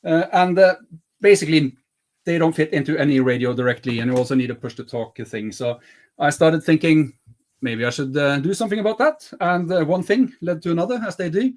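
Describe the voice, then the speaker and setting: A man co-hosting a casual chat about his week, talking with lots of pauses and fillers. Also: a little high, darkish tone. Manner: hesitant, many fillers. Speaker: co-host. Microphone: headset.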